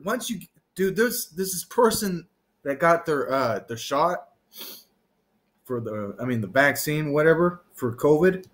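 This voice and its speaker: A man's voice: fairly high pitch, expressive, a little slow. A man talking to camera in a loose, meandering way, trailing off and restarting his thoughts. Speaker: vlogger. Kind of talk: rambling casual monologue.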